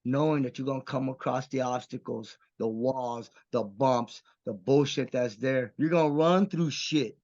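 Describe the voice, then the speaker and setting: A man's voice: mid-range voice, moderate pace, few pauses, darkish tone. A man from Texas, guest on a podcast, talking in an intense, profane, emphatic way. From Mission, Texas. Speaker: guest actor. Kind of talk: candid podcast conversation. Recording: dull lo-fi podcast audio.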